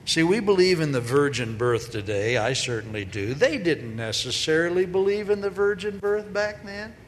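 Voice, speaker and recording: A woman giving a humorous sermon in a large hall, telling stories in a lively way and acting out the voices she quotes. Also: mid-range voice. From grew up on a farm. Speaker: speaker, preacher. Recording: long hall reverb, faint noise.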